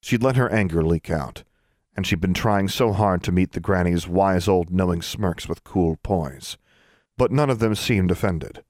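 A man narrating a story as an audiobook reader, in an expressive storytelling manner. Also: low voice, measured pace, dry recording, clean studio sound. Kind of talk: scripted narration.

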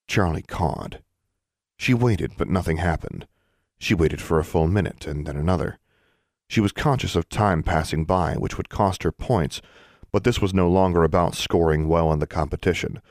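A man reading a fantasy novel aloud in steady, even scripted narration. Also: low voice, no room sound, studio quality. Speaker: audiobook narrator.

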